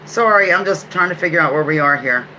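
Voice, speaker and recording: A woman hosts a relaxed live-stream quiz, chatting between questions and tossing off playful asides as she reads the clues aloud. Her voice is bright and forward, with faint noise in the background. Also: deep voice, fast, low-quality recording. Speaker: livestream trivia host.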